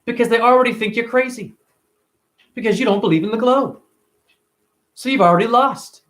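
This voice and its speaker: A vlogger with a notably high-pitched, fairly bright voice delivers a casual monologue at normal speed. He's emphatic and animated, swearing freely as he goes.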